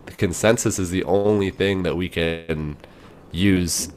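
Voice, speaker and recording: A very low-pitched man chatting on a podcast, rambling and animated as he works through his thoughts. He uses lots of filler words and laughs now and then. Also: measured pace, a little hiss or hum. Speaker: podcast host. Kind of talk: casual podcast chat.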